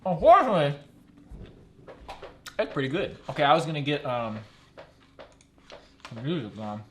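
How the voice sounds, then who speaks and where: Young man, live-stream chat, rambling, laughing, lively swinging pitch. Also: normal speed, a little hiss or hum. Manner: chatty, rambling, often laughing.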